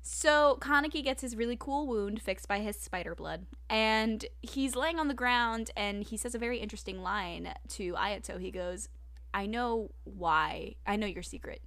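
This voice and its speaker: Woman, high voice, teasing, giggly, bright, dry recording. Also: moderate pace, hardly any pauses. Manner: giggly, teasing, acts out character lines. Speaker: podcast co-host. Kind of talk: casual anime recap chat.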